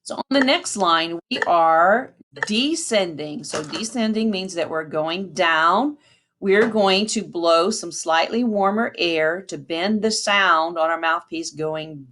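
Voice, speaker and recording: A woman's voice: fairly low pitch, fairly bright tone. A woman band teacher giving a patient lesson, counting aloud and demonstrating breaths and mouth shapes.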